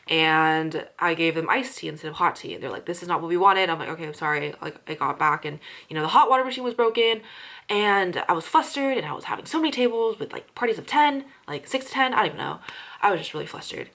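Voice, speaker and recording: Young woman vlogger, lower register, frustrated profane rant about her server job. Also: animated, fast, a bit bright. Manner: frustrated ranting, heavy swearing and fillers. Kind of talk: casual chat.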